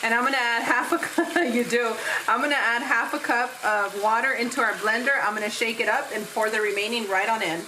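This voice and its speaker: A woman's voice: on the high side, fairly quick, background noise. A woman hosting a home cooking show, walking through a recipe step by step in a playful, chatty way, laughing often, recorded in a home kitchen. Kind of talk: cooking demonstration.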